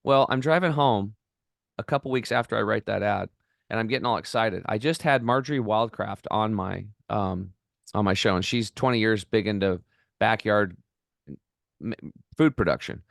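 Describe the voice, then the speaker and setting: Enthusiastic low-voiced man telling stories. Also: moderate pace, gravelly, no room sound, clean studio sound. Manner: enthusiastic, rambling, acts out quoted voices. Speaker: podcast guest. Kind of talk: excited storytelling interview.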